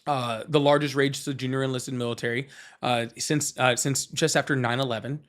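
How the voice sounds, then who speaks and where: A man hosting a live political call-in show, pressing a caller hard with quick arguments while trying not to sound harsh. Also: medium pitch, steady tone, a bit bright. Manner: pressing, argumentative, apologetic about roasting.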